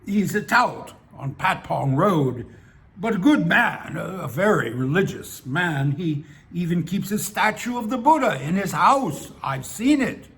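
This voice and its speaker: A man's voice: high voice, very animated, unhurried, a bit bright, exaggerated voice. A man voicing a lonely seventy-six-year-old man who talks in a hesitant, self-justifying way. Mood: evasive. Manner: hesitant, wheedling, protests too much.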